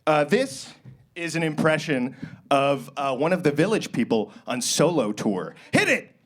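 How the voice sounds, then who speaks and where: High-pitched, lively young stand-up comic. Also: male voice, measured pace. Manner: awkward, self-deprecating, absurd deadpan. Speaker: stand-up comedian. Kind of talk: live stand-up set. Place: comedy club stage, indoors. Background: loud walk-on music at times.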